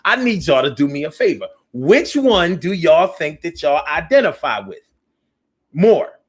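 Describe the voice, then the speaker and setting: A man with a fairly high voice hosts a call-in show and reads out what his viewers write. He talks loose and slangy and gets preachy, circling back over the same lines to hammer a point home. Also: a little slow, husky. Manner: animated, preachy, repeats phrases for emphasis; loose, slangy speech with many restarts. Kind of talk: live call-in talk show, reading viewer comments.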